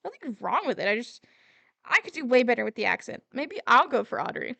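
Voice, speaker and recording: A woman's voice: on the high side, sing-song, fairly quick, gravelly, sharp tone, no room sound, heavily acted. A woman voicing a mischievous young man, the player character of a visual novel, in a playful, teasing way.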